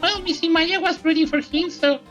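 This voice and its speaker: A woman's voice: very high voice, steady tone, moderate pace, fairly bright tone, soft background music, voice pushed up. A woman voicing a polite, devoted little girl in a let's-play of a game, using "Mister" and "Miss". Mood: eager.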